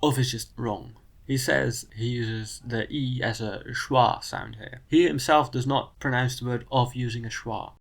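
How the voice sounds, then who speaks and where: Dutch guy w/ a bit of gravel in his voice, mid pitch, picking apart spelling choices calmly. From Netherlands. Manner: measured, matter-of-fact critique. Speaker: video creator. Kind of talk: commentary on a spelling video.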